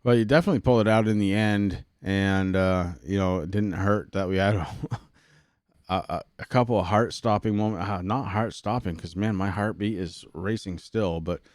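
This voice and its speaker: A man commentating a sim racing broadcast, excitable and out of breath, with stammering restarts. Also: sits low, moderate pace, no echo, studio quality. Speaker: race commentator.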